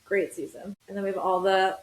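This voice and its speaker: A woman in her thirties talking casually as a podcast host, ranting with quick asides. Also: medium pitch, steady tone. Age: 30s. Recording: roomy echo.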